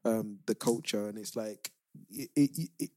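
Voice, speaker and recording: A man's voice: fairly low pitch, measured pace, dark tone, dry recording. A man with a London accent, co-hosting a podcast, giving earnest advice in casual chat and often restarting his sentences. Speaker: podcast co-host.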